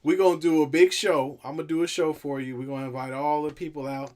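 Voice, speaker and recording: Casting: male sports-talk co-host, slightly high voice, playful and slangy banter. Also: quick pace. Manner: animated, joking, slangy. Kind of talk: casual banter.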